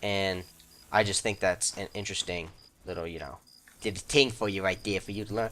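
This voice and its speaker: A man's voice: steady tone, a little fast, a bit bright, slight background noise. A young man hosting a let's play, chatting casually over gameplay in a rambling, self-interrupting way. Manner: breaks into squeaky high mock voices.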